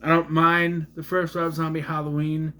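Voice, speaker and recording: A man's voice: a little high, monotone, moderate pace, sharp tone, clear, resonant tone. A man casually showing off his film collection on camera, rambling, joking and swearing now and then. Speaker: collection vlogger. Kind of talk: casual show-and-tell chat.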